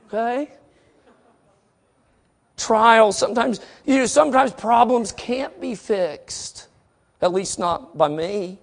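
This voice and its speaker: A middle-aged man delivers a sermon in a high, gravelly voice. He moves between quiet, slow scripture reading and forceful, emphatic exhortation. His delivery is dynamic and earnest. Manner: dynamic, swinging from soft to emphatic; reads scripture aloud slowly. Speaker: preacher.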